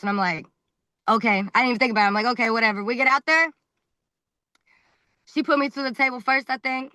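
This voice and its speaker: A woman wrestler talks as a podcast guest, telling stories bluntly with lots of swearing and laughter. Her voice is bright and forceful, recorded close and dry. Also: high-pitched, brisk, long pauses, no room sound. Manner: animated, blunt, swears freely, laughs often. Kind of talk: casual storytelling interview.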